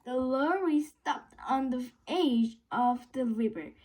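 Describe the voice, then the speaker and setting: A woman's voice: high-pitched, a little mellow. A woman with a Korean accent reading a children's book aloud, often stumbling on a word and starting it again. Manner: halting, stumbles and corrects words. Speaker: storybook reader.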